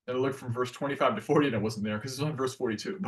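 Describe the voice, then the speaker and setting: A man's voice: mid-range voice, rapid-fire. Earnest conversational man, slightly distant mic. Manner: conversational, earnest, full of restarts and "like". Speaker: devotional class speaker. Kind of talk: casual devotional class talk.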